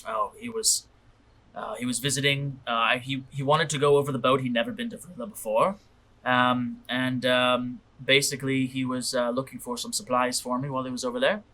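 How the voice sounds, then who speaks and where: A reserved, upper-class company man with a posh British accent voiced by a man in a tabletop game. He speaks in a formal, measured way and keeps his voice low and polite. There is a bright edge to his tone.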